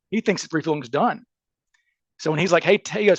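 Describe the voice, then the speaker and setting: A man telling a story in casual podcast chat, animated and chatty, acting out the people he quotes with lots of "like" and quick restarts. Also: a little high, husky, no echo, muffled recording. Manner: animated, acts out quoted people with shifting voices.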